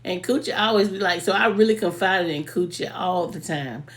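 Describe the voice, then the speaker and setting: A woman's voice: on the low side, normal speed. Emotional woman telling heartfelt stories. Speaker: vlogger paying tribute to a late friend. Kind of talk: casual heartfelt storytelling.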